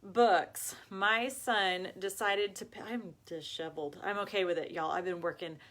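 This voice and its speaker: A woman's voice: mid-range voice, steady tone, normal speed, fairly bright tone. Bubbly woman hosting a live craft stream. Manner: bubbly and talkative, laughs often, chats with the comments. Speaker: host of a live craft and ribbon shop video. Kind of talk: chatty livestream talk to viewers.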